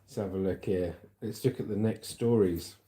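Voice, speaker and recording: A man's voice: lowish voice, moderate pace, dark tone. A man hosting a casual livestream, chatting and reading out viewer comments in a rambling way. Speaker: livestream host. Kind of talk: casual live chat.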